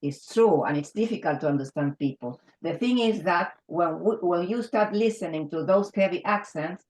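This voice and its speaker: A woman's voice: lowish voice, normal speed, a little mellow, rough recording. A woman with an Argentinian Spanish accent, a native Spanish speaker and English teacher, talking earnestly and emphatically in a round table discussion with frequent restarts.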